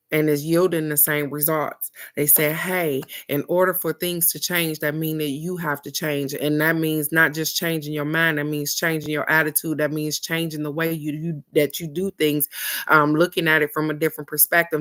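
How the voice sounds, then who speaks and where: A woman's voice: deep voice, a bit bright. A woman doing a motivational card-of-the-day talk, speaking straight to her viewers in a preachy, folksy way and repeating key phrases for emphasis. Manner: preachy and encouraging, addresses viewers directly. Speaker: card reader.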